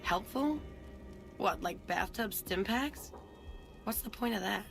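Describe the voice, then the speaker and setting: Dry game drug dealer, curt, clear music underneath. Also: female voice, mid-range voice, animated, slow pace. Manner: curt, profit-minded. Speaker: game character. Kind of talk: video game dialogue.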